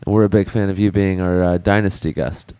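A man hosting a podcast, teasing his co-host and swearing casually in relaxed chat. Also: sits low, a little fast, smooth, no echo.

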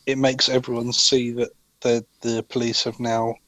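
A man's voice: medium pitch, moderate pace, crowd noise, rough recording. Teasing man on a podcast. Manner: teasing, deadpan banter. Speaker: podcast co-host. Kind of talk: casual chat.

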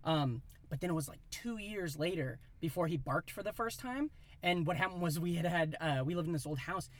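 A man in his thirties from Iowa, telling a rambling, animated story in a casual chat. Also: on the high side, fairly quick. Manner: animated, rambling, acts out voices in quotes.

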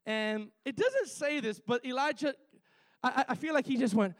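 A man's voice: very high voice, moderate pace, no echo. A male preacher delivering a fervent sermon to his church, repeating phrases and calling for amens.

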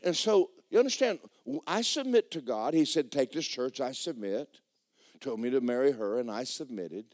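A man preaching a sermon as pastor, swinging from shouted bursts to low, quiet lines and acting out dialogue. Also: animated, moderate pace, no room sound, studio quality. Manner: acts out dialogue in dramatized voices. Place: church sanctuary.

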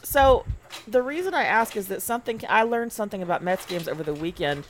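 A woman's voice: medium pitch, animated, fairly quick, slight background noise. A woman co-hosting a podcast in casual chat, wry with profane asides. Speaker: podcast co-host.

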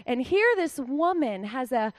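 A woman's voice: sits high, lively intonation, unhurried, no echo. A woman teaching a conversational sermon to women, with chatty, direct asides to her listeners. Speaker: Bible teacher speaking to women.

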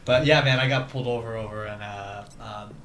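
A man telling a story in casual chat, animated and joking. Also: fairly low pitch, fairly quick. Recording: noisy background.

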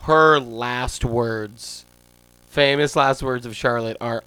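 A man's voice: a little high, slow pace, a bit bright. A man co-hosting a podcast in casual chat, rambling and laughing often. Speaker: podcast co-host.

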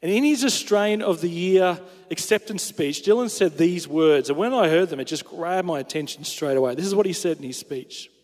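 A man's voice: fairly high pitch, a little fast, hardly any pauses, a little mellow. A male pastor preaching a sermon, earnest and emphatic, asking rhetorical questions. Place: church sanctuary. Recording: church hall with long reverb.

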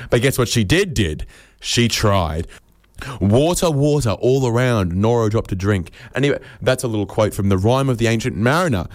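Sardonic Australian man, lower-pitched voice. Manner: sardonic, mock-serious, swings pitch for emphasis. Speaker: comedian. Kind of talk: rambling comic monologue.

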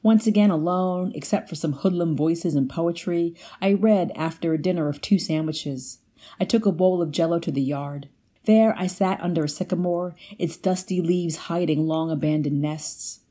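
A woman reading a first-person literary piece aloud at a measured pace, lifting her pitch for the quoted lines. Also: warm tone. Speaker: guest reader.

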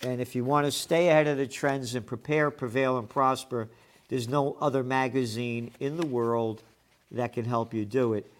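A man's voice: mid-range voice, steady tone, moderate pace. A man hosting a trends commentary show, delivering a combative, sarcastic monologue and swearing when angry.

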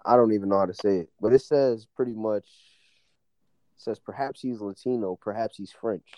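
Laid-back man with a mellow voice. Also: fairly low pitch, normal speed, no room sound, dull audio. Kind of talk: casual chat.

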